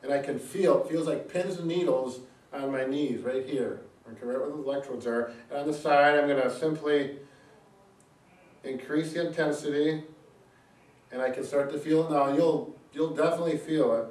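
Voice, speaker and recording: A man with a slightly raised voice talks a viewer through a home treatment device in a plain, step-by-step way, pausing on fillers as he goes. He sits back from the mic in a roomy, echoing space. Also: fairly high pitch, darkish tone. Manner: plain-spoken, explains step by step with frequent fillers. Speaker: physical therapist host. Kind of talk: casual product demonstration. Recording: echoey room, mic at a distance.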